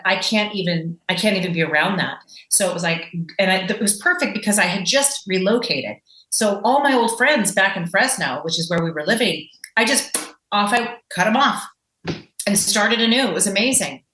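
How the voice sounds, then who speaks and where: Bright-voiced, impassioned woman guest. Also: mid-range voice, expressive, moderate pace, roomy sound, rough recording. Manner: impassioned, emphatic, defiant. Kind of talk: podcast interview.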